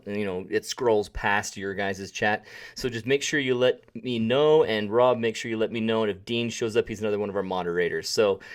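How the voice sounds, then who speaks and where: Man, live-stream host, casual tutorial, mid-pitched voice, chatty, jokey, desk mic drifting in and out. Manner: chatty, self-deprecating, jokey asides. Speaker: webinar host and photography teacher. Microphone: desk mic, sometimes drifting off it.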